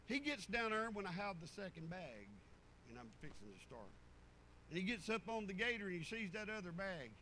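Folksy older preacher. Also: male voice, high-pitched, animated, a little fast, bright, forceful tone, slight background noise, low-quality recording. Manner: rambling, down-home storyteller with many restarts. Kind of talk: folksy sermon storytelling.

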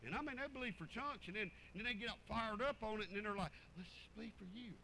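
A man's voice: high voice, animated, very fast, sharp tone, a little hiss or hum, poor audio. A man preaching a sermon in a folksy, joking, fervent way.

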